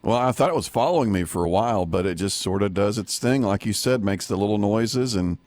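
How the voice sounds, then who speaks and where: A man's voice: lowish voice, a little fast, no echo. A man who is a regular on a morning radio show, chatting casually and a bit hesitantly, with restarts. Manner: hesitant, relaxed talker with restarts.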